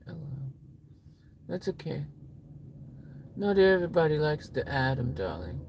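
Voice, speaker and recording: A vain, theatrical male rock star purrs in a hushed voice, calling everyone darling while a woman acts him out. The tone is low and gravelly, and the pace is slow. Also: a little hiss or hum. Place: inside a parked car at night.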